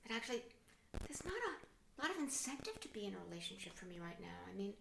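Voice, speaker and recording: A middle-aged woman performing a stand-up comedy monologue, theatrical, with sudden hushed whispers and mock outbursts. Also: mid-range voice, very animated, quick pace, gravelly, noisy background. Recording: roomy echo.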